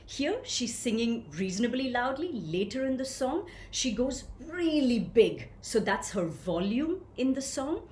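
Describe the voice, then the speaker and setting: A woman leading a voice workshop for coaches, lively and questioning, answering participants by name. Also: a little high, unhurried, hardly any pauses, echoey room, a little hiss or hum. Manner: animated, asks the group questions and answers them. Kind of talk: live online workshop teaching.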